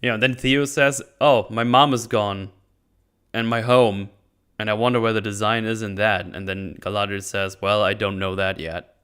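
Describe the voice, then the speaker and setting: A man's voice: lowish voice, fairly even intonation, normal speed, a bit bright, smooth. A man casually recapping a TV episode, ranting and sardonic, swearing freely. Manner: sardonic, mutters asides. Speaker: show host recapping a TV episode.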